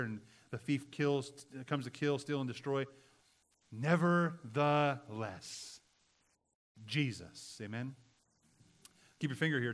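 Male pastor mid-sermon; earnest and emphatic, wide swings from loud to hushed delivery. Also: mid-range voice.

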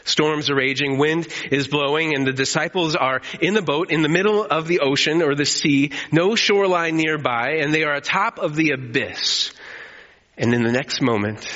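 A man preaching a sermon as pastor, telling the story with animated energy and calling on the congregation to respond. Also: on the high side. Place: church hall. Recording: echoey hall, slightly dull.

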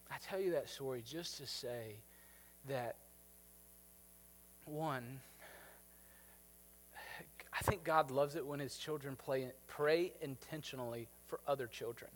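Pastor, lively storytelling sermon. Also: male voice, fairly high pitch. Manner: storytelling, shifting from lively to hushed and tender.

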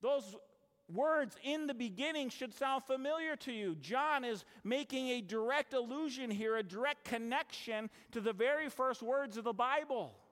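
A male pastor preaching a sermon, telling a story with acted-out dialogue and dramatic pauses. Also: extremely high pitch, animated, fairly bright tone. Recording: long hall reverb.

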